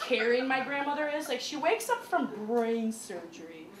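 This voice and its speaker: A woman doing stand-up storytelling in a small comedy club, chatty and animated, full of "like" fillers. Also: high-pitched, normal speed. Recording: echoey club room with crowd noise.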